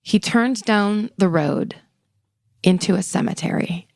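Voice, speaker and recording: A woman's voice: medium pitch, measured pace, vocal fry, darkish tone, dry recording, clean studio sound. A woman co-hosting a podcast, retelling a story in casual chat with frequent swearing and acted-out quotes. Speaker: podcast co-host.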